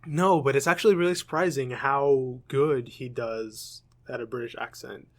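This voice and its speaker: Young American guy, podcast co-host, casual rambler, mid-pitched, lots of ums. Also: fairly even intonation, normal speed. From United States. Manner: rambling, self-correcting, frequent ums. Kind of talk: casual chat.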